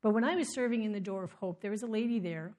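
At a community ministry event, a woman tells personal stories from the front of the room, animated and full of small restarts and fillers. Her warm, mellow, medium-pitched voice moves fast and is captured dry and close on a microphone with no room sound.

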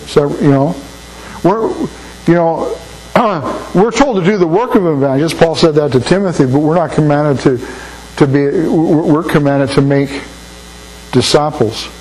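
A man's voice: fairly high pitch, normal speed, a little mellow, rough recording. Older man preaching, folksy and anecdotal. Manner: folksy, anecdotal, repeats words while thinking. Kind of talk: sermon. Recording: faint mains hum.

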